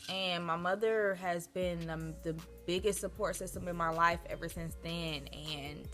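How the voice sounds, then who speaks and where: A woman's voice: on the low side, bright, forceful tone. A young woman telling a personal story in a chatty vlog style, filling her talk with "like". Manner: chatty, lots of "like" fillers. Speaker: vlogger.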